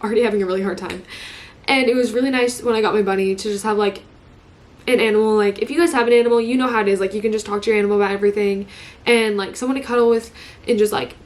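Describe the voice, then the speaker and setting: A young woman vlogger telling an emotional story in casual chat, tearful and saying "like" constantly. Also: medium pitch. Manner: emotional, heavy use of "like", breaks into laughs.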